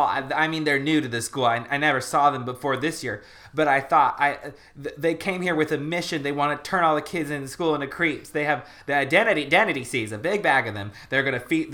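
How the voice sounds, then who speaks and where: A man voicing a panicked young schoolboy who stammers and rushes his words. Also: on the high side. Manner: stammering, rushed, rising and loud.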